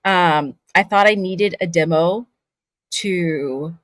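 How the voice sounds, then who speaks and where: A fairly low-pitched woman speaks slowly with no room sound, an expressive storyteller who laughs often. She is a voice actor guest in a casual interview, having grown up between California, Saudi Arabia and Scotland.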